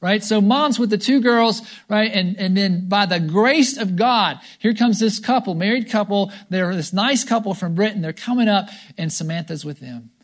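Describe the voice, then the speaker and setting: A man's voice: high voice, moderate pace, few pauses. A man preaching a sermon as pastor, telling a story animatedly and checking in with the congregation with a repeated "right?".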